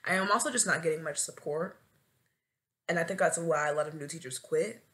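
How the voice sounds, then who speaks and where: A woman in her twenties, newly a teacher, chats casually on her solo podcast in a deep, brisk voice. She's dramatic, swinging into wails and shouts for comic effect.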